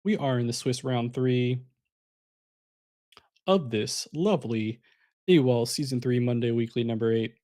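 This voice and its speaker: A man with a mid-pitched voice calls an online card game match live. He talks in a loose, chatty way, explains each play as it happens and turns to speak to the viewers in chat. He sounds a little sleepy. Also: measured pace, long pauses, warm tone. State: sleepy, yawning. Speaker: caster.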